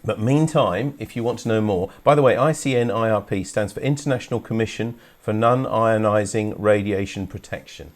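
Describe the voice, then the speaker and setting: A man's voice: on the low side, normal speed, few pauses. Casual English man hosting a club show. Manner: informal, rambling with fillers and restarts. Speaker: host. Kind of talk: live club webcast.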